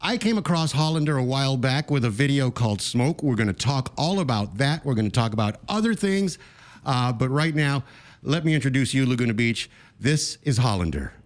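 A man's voice: mid-range voice, expressive, a little fast. Enthusiastic male radio morning host. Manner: enthusiastic, conversational. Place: radio studio.

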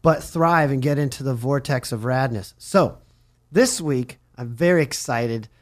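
A man's voice: mid-range voice, a little slow. A man hosting a recovery radio show, talking in a rambling, jokey, enthusiastic way. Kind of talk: casual interview chat. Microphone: studio mic, on camera.

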